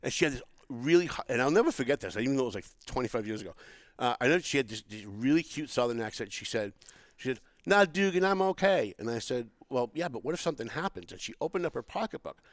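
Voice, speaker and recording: A man's voice: mid-range voice, lively intonation, fast, no room sound. A man from the area, hosting a podcast and telling a long story with lots of restarts. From Boston area. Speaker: podcast host. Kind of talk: casual political chat.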